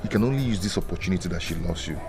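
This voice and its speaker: A man's voice: sits low, expressive, very fast, gravelly, over music. A man plays a boastful friend talking outdoors. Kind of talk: film drama acting.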